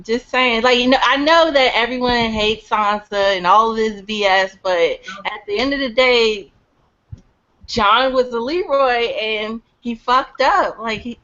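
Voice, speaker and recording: A woman co-host pushes her point in casual chat, swearing offhandedly. Her voice sits slightly high. The audio is a bit muffled. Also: unhurried, fairly bright tone.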